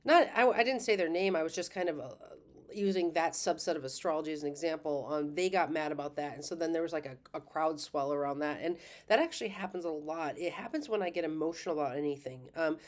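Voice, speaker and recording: A middle-aged woman astrologer talks in a loose, rambling monologue, full of fillers, self-corrections and the odd laugh. Her voice sits a little low for a woman. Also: quick pace. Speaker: astrologer and school host. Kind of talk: casual monologue.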